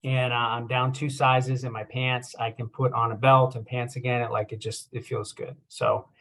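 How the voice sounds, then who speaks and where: Young guy chiropractor rambling thru a funny story, lots of likes and ums, mid pitch. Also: flat delivery, normal speed, a bit bright. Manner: chatty, self-deprecating, lots of fillers. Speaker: chiropractor giving a health talk. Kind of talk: casual storytelling talk. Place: presentation with slides.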